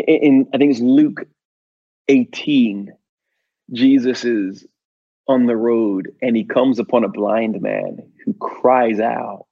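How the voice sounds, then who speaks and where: Gravelly man preaching in spoken-word rhythm. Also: medium pitch, darkish tone, dry recording, lo-fi sound. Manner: rhythmic, repeating phrases, dropping to near whispers. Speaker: poet giving a conference talk. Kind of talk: spoken-word sermon talk.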